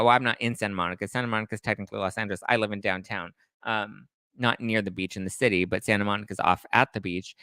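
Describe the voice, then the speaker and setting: A man's voice: quick pace, clear, resonant tone, dry recording. Chatty man hosting a gossip livestream. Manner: chatty, animated, swings into high exclamations. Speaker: livestream host reading chat. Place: home in a city apartment.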